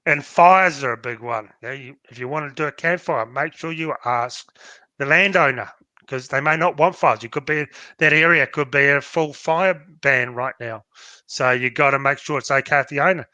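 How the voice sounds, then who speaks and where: Bright-voiced Australian man giving advice. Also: mid-range voice, normal speed, no echo. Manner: direct, giving practical advice. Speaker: podcast co-host. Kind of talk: casual advice chat.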